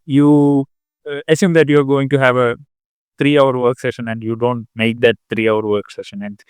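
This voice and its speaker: A man interviewing a guest, feeling his way through long questions with many pauses and fillers. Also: a little high, smooth, no room sound, studio quality. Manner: hesitant, many fillers while forming questions. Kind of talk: conversational interview.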